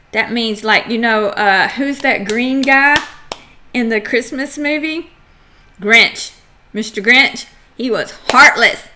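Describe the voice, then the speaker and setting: Bright-voiced woman teaching phonics. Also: a little high. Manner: clear, slow sounding-out of letters and words; animated and playful, acts out examples. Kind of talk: phonics lesson for young children.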